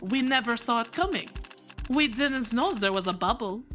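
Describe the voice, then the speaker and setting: A woman voicing a scheming, menacing male oligarch in a game, with a shaky put-on Russian accent that slides toward French, delivered slowly. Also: a little high, big pitch swings, bright, forceful tone, soft background music, heavily acted. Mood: smug. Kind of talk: voice acting a visual novel on stream.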